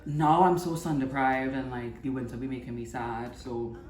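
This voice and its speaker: A Trinidadian woman in her twenties telling stories and chatting casually while she cooks, going quiet for cooking asides. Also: extremely low pitch, steady tone, normal speed, reverberant. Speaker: channel host cooking. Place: home kitchen.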